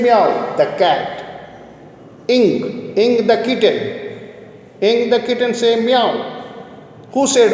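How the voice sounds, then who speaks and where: A man teaching a literature lesson, explaining slowly and repeating words, asking questions and answering them himself. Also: a little high, a little mellow. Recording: echoey room with long reverb.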